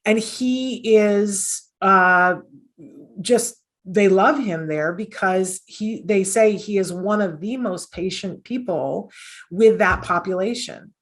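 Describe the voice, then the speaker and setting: Here a middle-aged autism mom who hosts a podcast appears as a guest, speaking earnestly at a slow pace and medium pitch. Her conversational interview storytelling is filled with fillers and restarts.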